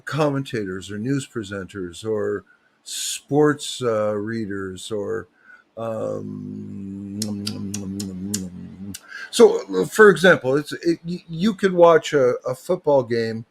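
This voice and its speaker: A man's voice: mid-range voice, gravelly. A man, hosting a livestream with rambling, joking, digressive chat. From Canada. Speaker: livestream host.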